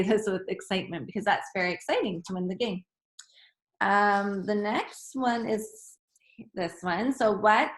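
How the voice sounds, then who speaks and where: A woman's voice: mid-range voice, fairly bright tone. A woman teaching young children a lesson, patient and encouraging. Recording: echoey room.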